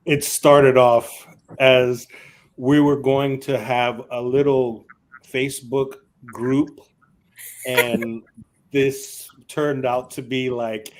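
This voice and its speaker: A talkative man telling a story in an animated, laughing way, swearing freely. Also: mid-range voice, slow pace, poor audio. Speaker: podcast guest. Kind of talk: casual storytelling.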